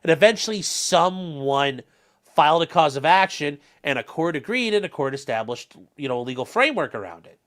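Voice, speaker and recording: A bright, forceful male voice with a lively, swinging pitch, rambling casually through a livestream. He reads viewer comments and chats in a loose, conversational way, full of fillers and restarts. The delivery sits on the higher side for a man. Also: brisk.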